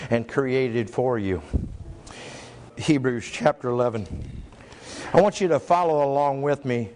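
A male pastor preaching a sermon to his church, reading scripture slowly and stressing single words. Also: medium pitch, darkish tone. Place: church sanctuary. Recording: echoey church hall.

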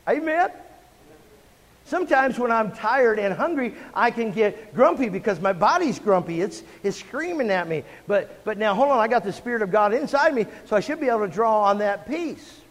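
A middle-aged male pastor with a notably high voice preaches with emphatic energy, calling out for amens and hallelujahs. His voice rings through a church sanctuary with a long trailing reverb. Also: lively intonation, normal speed. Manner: emphatic, call-and-response preaching. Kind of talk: sermon.

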